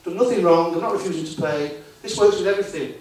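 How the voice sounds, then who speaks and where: A man's voice: high-pitched, quick pace, darkish tone. Man speaking in a very echoey hall. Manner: chatty, asks the audience tag questions. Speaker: conference speaker. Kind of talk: live talk to an audience. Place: conference room with audience. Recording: very echoey hall, voice far from mic.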